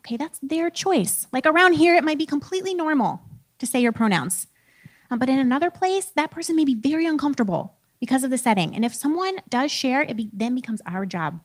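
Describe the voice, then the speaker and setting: A woman in her thirties, a preacher and teacher, giving a casual, conversational talk with a self-deprecating manner. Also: fairly high pitch.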